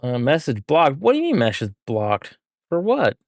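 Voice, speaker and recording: A man's voice: mid-range voice, wildly swooping pitch, moderate pace, no room sound, studio quality. A man streaming a game, chatting with viewers and thinking aloud as he works through a puzzle. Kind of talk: casual live gameplay chat.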